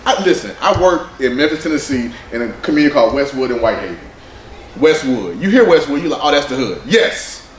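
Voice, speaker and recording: A man presenting with slides at a conference, animated and conversational, slipping into other people's voices when he quotes them. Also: medium pitch, fairly quick, a little hiss or hum. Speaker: presenter at a men's summit. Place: conference room. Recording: roomy hall sound with faint ambience.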